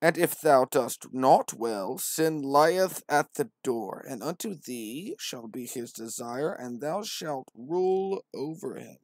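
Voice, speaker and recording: A man voicing God on high as a solemn, booming male deity who draws out archaic pronouncements. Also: lively intonation, no room sound, clean studio sound. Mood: grandiose. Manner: slow, drawn-out, archaic pronouncements.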